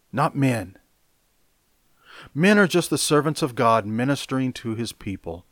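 Male preacher, mid-pitched, slow measured teaching, dry close recording. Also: fairly bright tone, no echo. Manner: deliberate, measured, explaining word by word with emphatic stresses. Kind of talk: expository Bible teaching.

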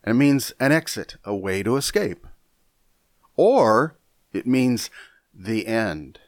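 A man teaching a Bible lesson in a measured, deliberate way, often repeating a word as he thinks. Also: mid-range voice, lively intonation, no room sound, studio quality. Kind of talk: sermon lesson.

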